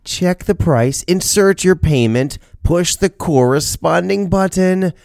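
A man's voice: sits high, takes it slowly, creaky, a little mellow, no echo, studio quality. A man hosting a podcast, telling stories in a playful, chatty way with jokey asides. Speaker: podcast host. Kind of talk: storytelling podcast monologue.

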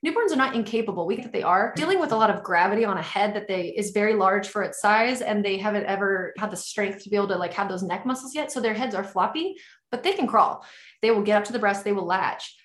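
An enthusiastic, effusive woman shares what she knows about birth in a loose, casual podcast chat. Her voice sits at an ordinary middle pitch. It rings with the echo of the room. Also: expressive, fast talker. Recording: echoey room.

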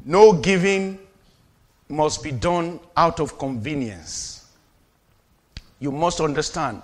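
A man preaching as a pastor, calling to the congregation and dropping from loud declarations to quiet asides. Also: a little high, slow pace, long pauses. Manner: preachy call-and-response, swings from shouting to quiet asides. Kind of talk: sermon.

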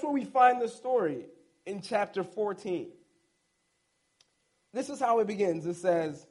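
A male preacher with an unusually high voice for a man, talking through scripture in a loose, chatty sermon. He tells the story with lively energy and drops playful jokes to the congregation along the way. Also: a little slow, long pauses, husky. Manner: animated, joking asides, storytelling. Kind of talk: casual conversational sermon.

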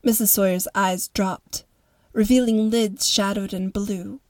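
A woman narrating a story in a calm, even way as the host of a story podcast. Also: medium pitch, a little slow, dry recording.

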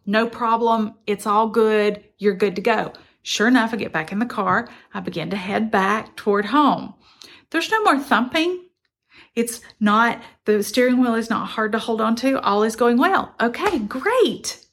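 Middle-aged woman, gravelly tone, reflective storyteller sharing a lesson. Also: fairly high pitch, measured pace, fairly bright tone. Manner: earnest, reflective, conversational. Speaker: motivational speaker. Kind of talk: personal storytelling.

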